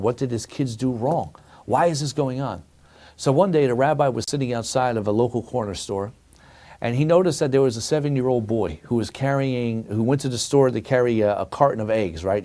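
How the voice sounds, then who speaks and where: A man's voice: medium pitch, brisk, warm tone. A middle-aged man preaching a sermon as a rabbi, telling a story and calling his listeners friends. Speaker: rabbi teaching a weekly Torah lesson.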